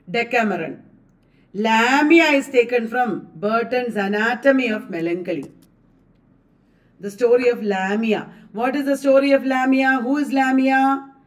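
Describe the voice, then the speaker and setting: A woman's voice: on the high side, distant mic. A woman coaching students for an English literature exam. She quizzes them, keeps asking questions and repeats the answers. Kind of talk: exam-prep lecture.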